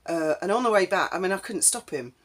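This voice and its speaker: A woman's voice: lowish voice, animated, fast. A woman, telling a casual story in a chatty, rambling way full of ums. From England. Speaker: vlogger.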